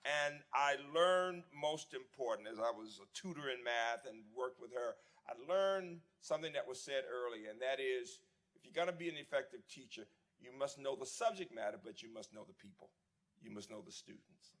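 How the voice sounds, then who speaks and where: A man in his seventies, a former dean, giving a reflective memorial tribute and reminiscing warmly with some restarts. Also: medium pitch, lively intonation, normal speed. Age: 70s. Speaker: eulogy speaker, former dean. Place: memorial service.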